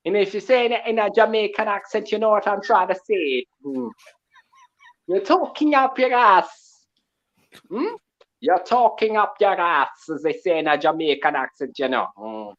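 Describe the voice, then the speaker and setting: A man's voice: high voice, highs cut off. A man in his twenties from Portugal, calling in to a live show with a combative rant and a habit of asking "yeah?" after his points. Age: 20s. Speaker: caller. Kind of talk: fired-up call-in rant.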